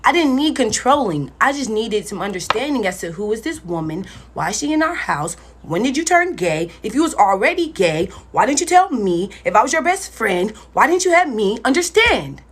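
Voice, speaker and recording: A woman's voice: on the high side, sing-song, moderate pace, few pauses, fairly bright tone, slight background noise. A young woman telling a personal story in a casual storytime vlog, blunt and profane, talking straight to her viewers.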